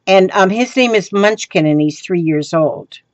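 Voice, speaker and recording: A woman's voice: on the low side, animated, unhurried, dry recording, dull audio. A woman chatting casually as she shows her crafts, rambling with many ums and restarts and breaking into giggles. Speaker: crafting vlogger. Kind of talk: casual show-and-tell chat.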